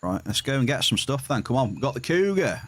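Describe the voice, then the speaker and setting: A man's voice: mid-range voice, sing-song, brisk, breathy edge. A man giving live game stream commentary, teasing his chat in a playful, bantering way.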